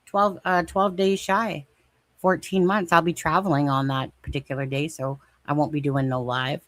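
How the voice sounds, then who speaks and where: Low, dry-voiced woman co-host, casual and rambling, repeats points for emphasis. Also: little pitch movement, normal speed, no echo. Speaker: podcast co-host. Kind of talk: casual true crime discussion.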